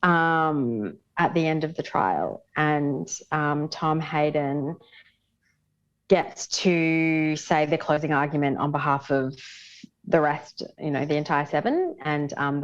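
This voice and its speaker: A woman's voice: low voice, slow, muffled recording. A woman as the show's pop culture correspondent, reviewing a film in casual podcast chat, with many ums and restarts.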